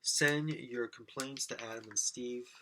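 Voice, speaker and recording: Bright-voiced man rambling silly monologue. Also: mid-range voice, steady tone, measured pace, slight background noise. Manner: absurd, self-mocking, talks to imagined audience. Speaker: podcast host.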